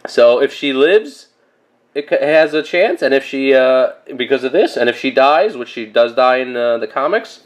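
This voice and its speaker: A man's voice: medium pitch, moderate pace. Rambling casual male comic collector. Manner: rambling, animated storytelling with many fillers. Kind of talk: casual haul vlog.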